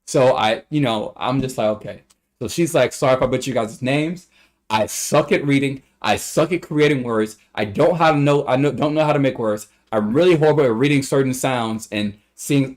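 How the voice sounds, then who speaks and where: A young man on a casual livestream, rambling through a story and acting out the quotes in high voices. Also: moderate pace, a little mellow. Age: young adult.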